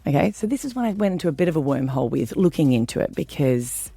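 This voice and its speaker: A woman co-hosting a casual radio show, chatty and animated, laughing often as she tells stories. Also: sits low, fast talker, husky, dry recording, clean studio sound, soft background music. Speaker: radio co-host. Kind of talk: casual chat.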